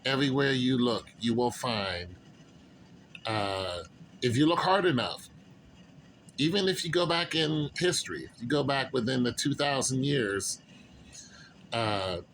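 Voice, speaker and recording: A man's voice: medium pitch, a bit bright, slight background noise, rough recording. A man talking straight to his viewers in a casual monologue, earnest and rambling, with many fillers and restarts. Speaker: vlogger.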